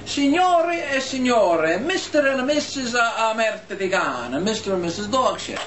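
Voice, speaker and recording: A man's voice: extremely high pitch, very animated, moderate pace, a bit bright, a little hiss or hum, pitched above the performer's own voice, exaggerated voice. Man doing a fawning, sing-song Italian waiter. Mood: mocking. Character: sly mocking male Italian waiter. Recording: echoey room, distant mic.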